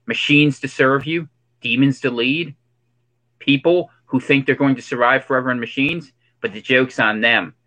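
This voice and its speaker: A man's voice: medium pitch, steady tone, normal speed, bright, forceful tone, close to an everyday voice, low-quality recording. A man playing a preachy conspiracy theorist character in a comedic monologue, full of ominous rhetorical questions and an affected accent. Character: preachy male conspiracy theorist in hoodie and sunglasses.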